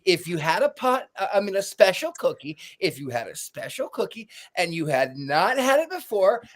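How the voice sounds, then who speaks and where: An animated co-host telling a story in a lively, swooping voice. The voice leaps higher and louder whenever it acts out the people in the tale. The pitch sits in a middle range and never stays flat. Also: normal speed. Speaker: podcast co-host.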